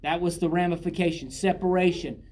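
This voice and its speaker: A man's voice: high-pitched, steady tone, fairly quick, darkish tone. A man preaching a sermon, reading scripture aloud and driving points home by repeating phrases. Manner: emphatic, repeats phrases for stress.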